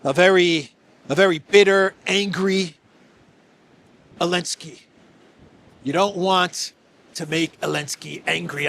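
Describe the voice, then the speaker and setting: Sarcastic guy doing political commentary, kinda high voice, bit of noise behind. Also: fairly even intonation, takes it slowly, gravelly, long pauses, a bit bright. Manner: sarcastic, chuckling, with frequent restarts. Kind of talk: casual solo commentary.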